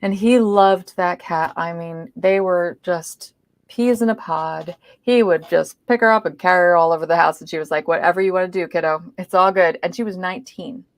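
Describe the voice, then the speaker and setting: A woman speaking as a podcast guest, telling a personal story in an earnest way, swinging between loud emphasis and hushed asides. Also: lowish voice, moderate pace, no echo.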